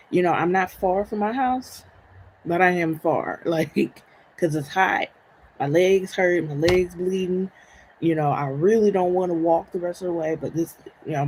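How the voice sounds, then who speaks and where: A woman's voice: lowish voice, a little mellow, slight background noise, rough recording. A woman hosting a live stream, chatting casually through a personal story, laughing often and checking in with "right?" and "okay?".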